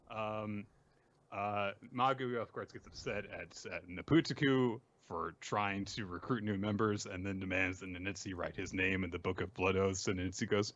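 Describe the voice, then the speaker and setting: A man casually recapping manga chapters on a podcast, joking and putting on high voices for the characters. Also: moderate pace, fairly bright tone, dull audio. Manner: jokey, puts on high voices for quoted characters.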